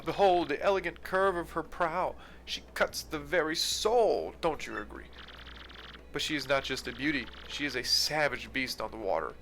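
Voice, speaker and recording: A man's voice: mid-range voice, fairly bright tone. A man voicing a boastful, vain male explorer with a fancy accent, talking in a pompous, grandiose way.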